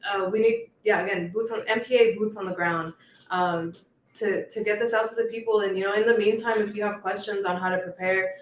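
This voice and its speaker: A person speaking casually as a guest on a livestream, unhurried and full of fillers like "you know" and "um". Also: mid-range voice, steady tone, reverberant, distant mic, a little hiss or hum.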